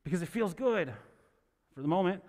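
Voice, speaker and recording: A man's voice: sits high, animated, a little fast, darkish tone. A male pastor preaching a sermon and reading scripture, talking in a conversational way that keeps checking in with listeners. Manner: conversational, asks listeners "right?". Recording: long hall reverb.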